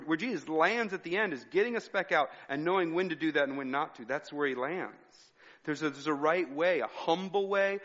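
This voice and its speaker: A forceful, bright voice on the high side belongs to a male pastor giving a conversational sermon laced with personal anecdotes. He speaks in a church sanctuary, and the sound is reverberant and dull.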